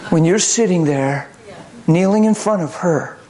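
A man preaching a sermon, telling a story with lively acted-out quotes and swings between loud and hushed. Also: high voice, a little slow.

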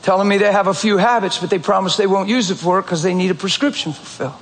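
A male pastor preaching a sermon in a church, telling stories in a direct, animated, conversational way. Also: high-pitched, quick pace, hardly any pauses. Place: church sanctuary. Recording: echoey church hall, faint ambience.

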